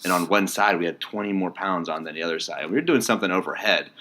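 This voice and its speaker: A man's voice: sits low, fast, pushed and bright. A man guesting on a podcast, a boisterous storyteller who swears freely in casual chat.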